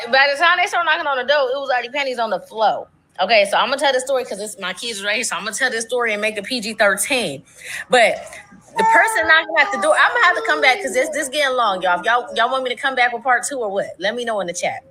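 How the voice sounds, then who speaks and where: A woman streamer telling a long, profane storytime tale in a casual, animated way, her voice jumping high for quoted lines. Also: quick pace, slight background noise. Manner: animated, profane, dramatic voice swings.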